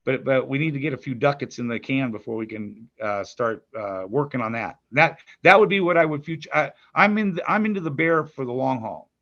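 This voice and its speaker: This older man talks at medium pitch, expressive and a little fast, with few pauses, over lo-fi sound. A grandfather and musician, he's the guest in a casual interview chat, rambling through restarts and stammers.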